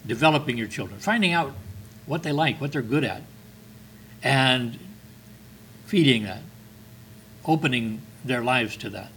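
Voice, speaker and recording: A man's voice: medium pitch, expressive, a little slow, pauses often, fairly bright tone, slight background noise, poor audio. An older man preaching a sermon, reading scripture with earnest, emphatic stresses.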